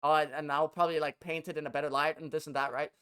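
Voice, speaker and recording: Young man, streamer rant, sharp tense voice, slightly high, swearing, stumbling restarts. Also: little pitch movement, smooth. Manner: agitated, profane, halting with many restarts. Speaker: esports player and streamer. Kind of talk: casual ranting to stream viewers.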